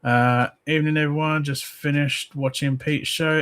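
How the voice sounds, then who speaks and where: A man's voice: fairly high pitch, steady tone, moderate pace, a bit bright, clear, resonant tone. Man hosting a casual football live stream; rambling, chatty, reads viewers' comments aloud. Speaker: host of a football fan channel.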